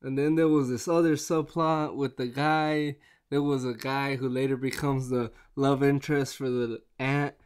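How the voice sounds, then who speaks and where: A man chatting casually on camera in a rambling, excitable way, with many restarts. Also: mid-range voice, moderate pace, clear, resonant tone. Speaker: vlogger reviewing a movie. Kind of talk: casual chat.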